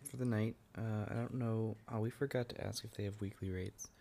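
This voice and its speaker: A man's voice: on the low side, steady tone, fairly quick, gravelly, dark tone. Laid-back, slangy man. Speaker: podcast co-host. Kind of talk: casual chat.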